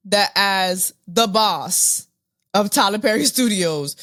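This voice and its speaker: A woman's voice: medium pitch, takes it slowly, fairly bright tone, no echo, clean studio sound. A woman in her thirties hosting a podcast, speaking with exasperated disbelief, repeating herself and laughing often. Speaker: podcast host. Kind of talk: casual commentary.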